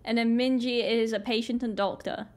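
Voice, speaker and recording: A young British woman with a British accent, hosting a casual reaction vlog, chatty and excitable with many "like" fillers. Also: on the high side, moderate pace. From Britain. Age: young adult. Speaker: reaction video host. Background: faint music video playing.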